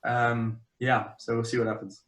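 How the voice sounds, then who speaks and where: A man's voice: medium pitch, little pitch movement, moderate pace, fairly bright tone. A young South African man with a South African accent, chatting casually as an interview guest, rambling with lots of fillers and restarts. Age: young adult. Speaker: interview guest, champion swimmer. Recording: roomy, echoey sound.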